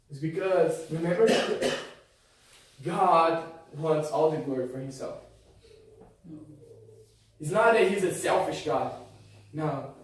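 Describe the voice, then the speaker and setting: A man's voice: fairly high pitch, slow, pauses often. A man preaching a passionate sermon, building up through repeated phrases. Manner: passionate, repetitive preaching with rising build-ups. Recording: echoey hall, far from mic, music behind.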